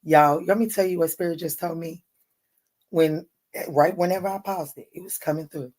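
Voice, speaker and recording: Woman, low voice, late-night tarot stream host, casual, heartfelt, blunt, greets viewers by name. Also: normal speed, darkish tone. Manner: talks straight to viewers and greets them by name from the chat; heartfelt, blunt and swears freely. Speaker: tarot reader hosting a late-night livestream. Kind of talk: casual livestream chat.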